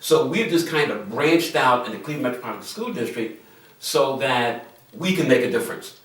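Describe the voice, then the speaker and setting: A man's voice: mid-range voice, lively intonation, fairly quick, fairly bright tone. Older guy, doctor, talking earnestly about his work, far from the mic, echoey room, bit of hiss. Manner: earnest, anecdotal, explains at length. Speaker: medical school dean and physician. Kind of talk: interview storytelling. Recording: echoey room, distant mic, faint noise.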